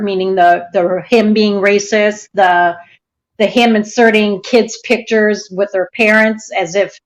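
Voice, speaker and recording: Brief: woman co-host, mid-pitched voice, mocking and scornful livestream talk. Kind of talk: heated livestream chat.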